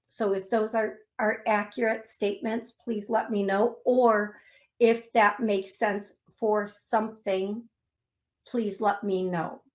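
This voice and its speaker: Slow, gentle woman hosting call-in radio. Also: mid-range voice. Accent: Upper Midwest American. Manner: slow, gentle, emotional, reads chat messages aloud. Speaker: psychic medium radio host.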